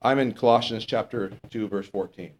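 A man's voice: fairly low pitch, moderate pace. A man preaching a sermon in a conversational way, asking the congregation questions and correcting himself as he goes.

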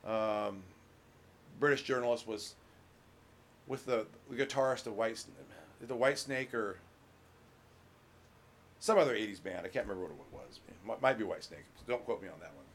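A middle-aged man preaching a relaxed, conversational sermon as pastor, folksy, full of restarts and "you know.". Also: fairly low pitch, slight background noise.

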